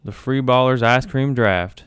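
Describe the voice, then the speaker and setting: A man's voice: medium pitch, measured pace, fairly bright tone, clean tone, dry recording. A young man hosting a casual podcast, running a draft like a mock announcer and joking around. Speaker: podcast host.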